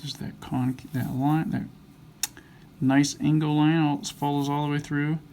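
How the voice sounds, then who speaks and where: Gravelly man mumbling while he sketches. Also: on the high side, flat delivery, measured pace, warm tone. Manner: mumbling, self-correcting as he draws. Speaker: drawing instructor. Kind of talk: thinking aloud while sketching. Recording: faint background noise.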